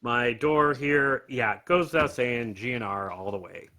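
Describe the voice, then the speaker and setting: A man in his thirties speaks in a bright, forceful voice as a guest on a casual chat. He gives blunt, opinionated verdicts and laughs often, talking from his home bar. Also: mid-range voice, moderate pace. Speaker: podcaster guest.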